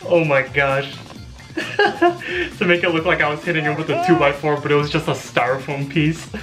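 A man's voice: fairly high pitch, expressive, normal speed, music in the background. A young man casually reacting to his own old video, amused, rambling and often laughing. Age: young adult.

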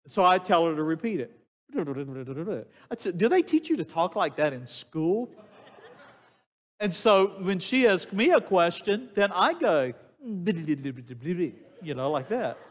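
Older male pastor preaching, a touch high-voiced, slow emphatic delivery, long church reverb. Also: big pitch swings. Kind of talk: sermon. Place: church sanctuary.

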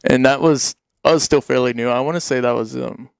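A man's voice: medium pitch, fairly even intonation, brisk, gravelly, smooth, no echo, clean studio sound. Laughing, rambling man telling stories. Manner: rambling, laughs often, acts out quotes. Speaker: podcast guest telling hunting stories. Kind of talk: casual storytelling chat.

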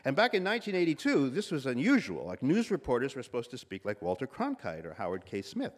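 With huge pitch swings and hardly a pause, this commencement speaker talks fast in a mid-range, slightly nasal voice. He's a man in his sixties, telling stories and performing the voices of people he quotes.

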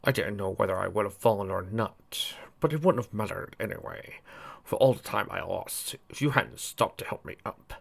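A man voicing a calm, polished male stallion pony who speaks quietly and graciously. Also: on the low side, normal speed, gravelly. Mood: gentle.

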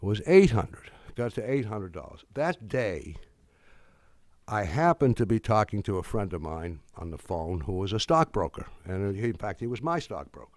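An older man giving a speech, telling wry stories in a halting way with many restarts and fillers. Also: fairly low pitch, big pitch swings, a little mellow, no echo, clean studio sound. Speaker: speaker. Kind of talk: anecdotal speech.

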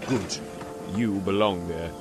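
A man voicing a stern, older railway boss in a storybook tale, speaking firm and measured. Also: low voice, loud music behind the voice, pitched below the performer's own voice. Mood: severe.

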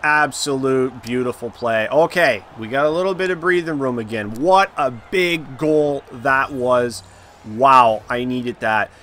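A man's voice: medium pitch, measured pace, a bit bright, a little hiss or hum. A man giving live commentary on his own video game, groaning and exclaiming as the plays go for and against him. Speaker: gaming YouTuber.

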